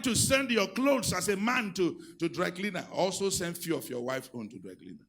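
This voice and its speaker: A middle-aged Nigerian man preaching a sermon, moving from quiet asides to loud, rousing exhortation. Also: high-pitched, expressive, moderate pace, few pauses. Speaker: pastor. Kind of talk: sermon on marriage and leadership.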